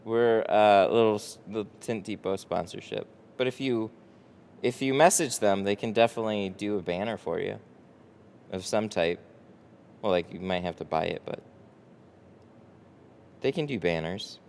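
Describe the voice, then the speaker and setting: A man's voice: on the low side, normal speed, gravelly, long pauses, a little mellow. A man running a casual live stream from his tint shop, reading chat aloud, tired and rambling with casual swearing. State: tired, no coffee.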